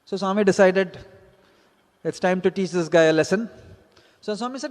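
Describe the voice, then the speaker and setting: A man's voice: high-pitched, moderate pace, long pauses. A man, a teacher, telling a personal story from his student days and acting out the exchanges he quotes. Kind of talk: spoken personal anecdote. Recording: hall reverb.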